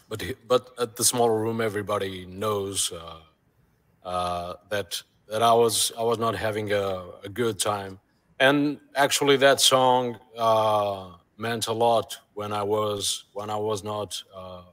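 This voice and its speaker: A middle-aged man from Portugal with a Portuguese accent, a native Portuguese speaker chatting humbly as a guest musician in an interview, halting and searching for his words in English. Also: lowish voice, a bit bright. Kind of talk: casual podcast interview.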